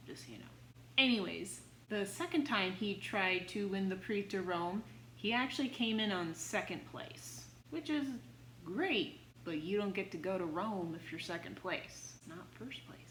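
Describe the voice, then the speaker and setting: A woman's voice: mid-range voice, fairly bright tone, roomy sound, a little hiss or hum, poor audio. A woman music teacher telling a composer's story in a chatty, playful way, with dramatic exclaimed punchlines. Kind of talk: casual educational storytelling.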